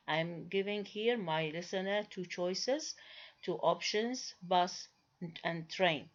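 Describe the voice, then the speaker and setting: A woman's voice: fairly low pitch, slow. Lecturing woman on a dull lo-fi recording. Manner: explains step by step, asks and answers her own questions, frequent uh and restarts. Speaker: university English lecturer.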